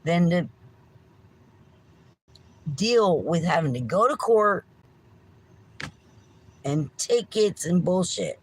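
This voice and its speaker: Woman, middle-aged, slow pace, casual livestream rant, meandering, apologetic, swearing. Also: fairly low pitch, lively intonation, breathy edge, poor audio. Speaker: livestream host.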